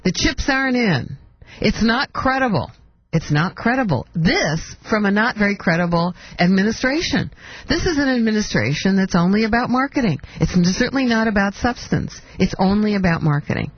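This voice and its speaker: A woman's voice: mid-range voice, expressive, brisk, husky, no echo. A woman hosting talk radio, giving a sarcastic political commentary monologue full of mocking rhetorical questions, in dull lo-fi broadcast audio.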